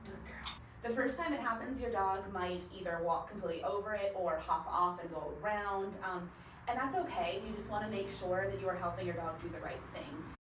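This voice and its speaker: A young woman explains dog training in a relaxed, chatty way, dropping in frequent ums. She sounds distant from the camera. The room echoes and there is a steady hiss behind her. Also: medium pitch, fairly quick. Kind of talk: casual teaching. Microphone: far camera mic. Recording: roomy, distant, noisy home video.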